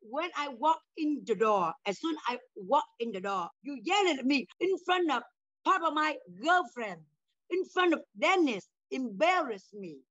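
A high-pitched older woman argues with her grown daughter in broken, halting English, repeating her words for emphasis. The sound is dull and lo-fi, tight and dry with no room to it. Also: bright, forceful tone, no room sound. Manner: confrontational, repeats phrases, non-native broken English. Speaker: mother in a family talk show. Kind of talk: heated family conversation.

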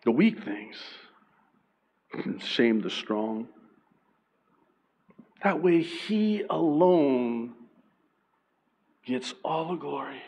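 A man preaching a sermon as pastor, emphatic and swinging between loud and hushed. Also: mid-range voice, expressive, extremely slow, long pauses, husky.

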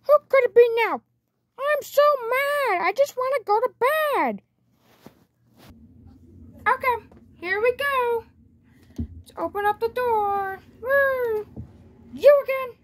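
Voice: takes it slowly, pauses often, a bit bright, slight background noise, full character voice. A performer voicing a small, sleepy, cranky furry red monster in a homemade toy skit, whining and exasperated. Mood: annoyed. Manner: squeaky, whiny, exasperated. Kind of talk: toy skit for online video.

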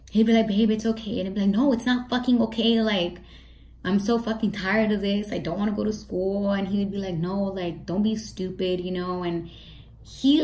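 A woman, telling a candid, profane story for her vlog, full of "like" and self-mockery. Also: on the low side. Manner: casual, profane, self-deprecating, peppered with "like". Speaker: vlogger. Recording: echoey room.

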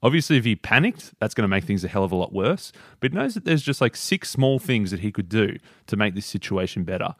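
A man's voice: on the low side, big pitch swings, quick pace, few pauses, fairly bright tone, dry recording, studio quality. A man co-hosting a podcast, retelling anecdotes in an easygoing, casual way. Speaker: podcast co-host. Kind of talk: casual book discussion.

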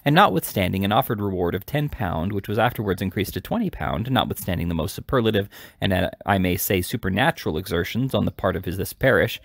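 Pompous choleric beadle in a storybook reading, voiced by a man, gravelly and low. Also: expressive, fast talker, hardly any pauses, no echo, studio quality, full character voice. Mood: self-important. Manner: pompous, self-important oratory. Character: fat, pompous, hot-tempered male parish beadle. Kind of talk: amateur audiobook reading.

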